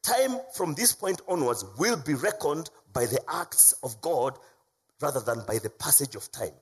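A man preaching a sermon with a husky, slightly raised voice. His delivery is animated, rising to loud emphasis and dropping to low, hushed lines. The pitch moves widely as he preaches. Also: moderate pace. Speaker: pastor.

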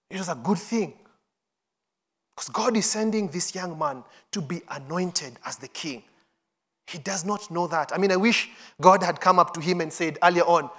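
A man's voice: high voice, normal speed, fairly bright tone. A man preaching a sermon, reading scripture and acting out the quoted voices with urgency.

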